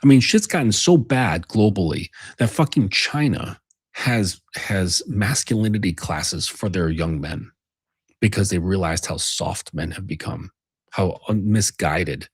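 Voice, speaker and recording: A man's voice: low-pitched, lively intonation, measured pace, slightly rough, no room sound, clean studio sound. A man delivering a rambling, profane monologue as a men's coach. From United States. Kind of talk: casual monologue.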